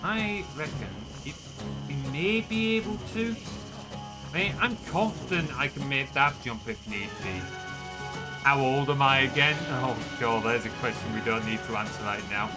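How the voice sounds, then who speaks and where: A man's voice: medium pitch, normal speed, loud music behind the voice, rough recording. A man with a Yorkshire accent giving casual, chatty commentary while streaming a game, swearing freely and answering his chat aloud. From Northern England.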